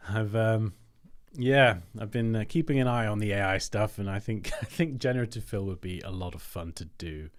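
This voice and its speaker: Casting: man, lowish voice, easygoing livestream host who muses aloud while he works. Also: moderate pace. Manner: chatty, thinking aloud while working on screen. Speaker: livestream host reviewing designs. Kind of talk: casual livestream commentary.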